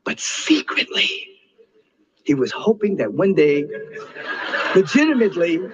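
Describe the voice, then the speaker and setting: A man giving an impassioned inspirational sermon as a spiritual teacher, dropping to a hush and then soaring. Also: a little high, big pitch swings, unhurried, long reverb tail. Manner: impassioned, swinging between hushed and soaring. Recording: dull lo-fi recording.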